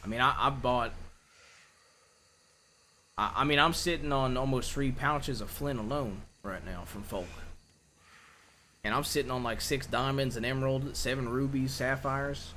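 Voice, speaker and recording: A man in a roleplay stream, chatting in character as an outlaw with a folksy, rough-grammar drawl. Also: mid-range voice, measured pace, long pauses, pushed and bright, slight background noise.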